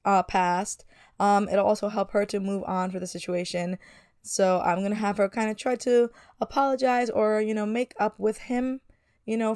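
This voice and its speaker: A woman's voice: medium pitch, darkish tone, smooth, no echo, clean studio sound. Chatty woman narrating a game. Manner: chatty, frequent fillers and laughs. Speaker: gaming channel host. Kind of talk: let's play commentary.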